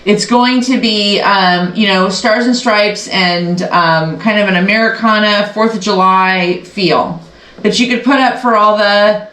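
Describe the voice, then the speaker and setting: A woman's voice: mid-range voice, unhurried, fairly bright tone. A woman hosting a quilting channel, chatting casually and rambling as she sews along, often breaking off mid-sentence. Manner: chatty, rambling, self-interrupting. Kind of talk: casual sew-along chat. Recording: echoey room with faint background noise.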